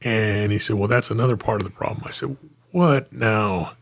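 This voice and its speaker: An older retired homicide lieutenant telling anecdotes in a casual interview, acting out quotes and laughing often. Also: male voice, lowish voice, moderate pace, creaky.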